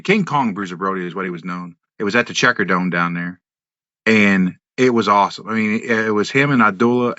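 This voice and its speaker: A man in his fifties, a podcast guest who tells lively stories from his past, acting out voices, laughing and swearing. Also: fairly low pitch, dry recording. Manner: animated storyteller, acts out voices, laughs, swears. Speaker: podcast guest, wrestler and musician. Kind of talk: casual storytelling. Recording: dull, slightly lo-fi, dry.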